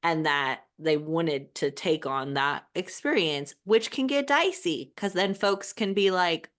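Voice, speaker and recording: A woman's voice: on the low side, expressive, measured pace, few pauses. A woman hosting a podcast over a video call, talking in a casual, reflective way with many fillers. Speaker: podcast host. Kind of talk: casual conversation.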